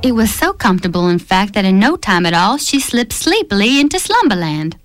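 A woman narrating a fairy tale in a playful, lively storytelling manner over music. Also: mid-range voice, a little fast.

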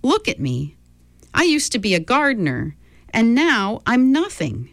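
Woman doing a mournful storybook gardener, raised voice, slow drawn-out words. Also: a little high, wildly swooping pitch, vocal fry, no echo, clean studio sound, voice pushed up, exaggerated voice. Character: mournful former gardener, a grown man.

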